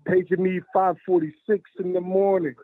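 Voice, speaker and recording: A man with a high, husky voice rambles and trash-talks back at a prank caller. The sound is dry and squeezed through a tinny phone line. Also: little pitch movement, normal speed, no room sound. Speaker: prank call target.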